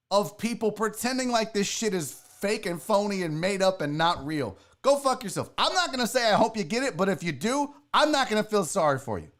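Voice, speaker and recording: A man's voice: sits high, fairly bright tone. A man hosting a live sports talk show, ranting heatedly and swearing freely, a bit tipsy from drinking.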